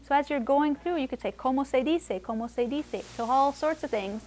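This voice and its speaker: A woman teaching conversational Spanish to adults, switching between English and Spanish and repeating phrases slowly for the learners. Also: sits high, a little mellow. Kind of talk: classroom language lesson.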